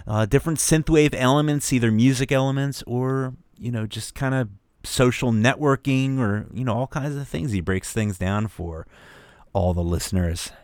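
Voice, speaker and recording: A man co-hosting an internet radio show in casual, rambling chat, reading out shout-outs and chuckling often. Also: medium pitch, dry recording, studio quality. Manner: laid-back, rambling, chuckles a lot.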